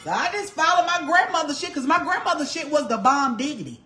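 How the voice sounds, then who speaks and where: A woman's voice: high voice, expressive, quick pace, sharp tone, echoey room, a little hiss or hum. A woman demonstrating home cooking, folksy and chatty, calling the viewer honey and laughing often. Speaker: home cook vlogger. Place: home kitchen.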